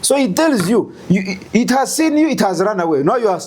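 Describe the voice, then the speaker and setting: Animated Ugandan man telling a story. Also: high-pitched, brisk. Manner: animated, rhetorical questions, repeats words. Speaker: guest. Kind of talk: storytelling interview.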